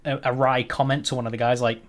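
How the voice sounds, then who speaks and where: A man's voice: mid-range voice, little pitch movement, fast. A man narrating a tabletop game as dungeon master, rambling with frequent ums and restarts.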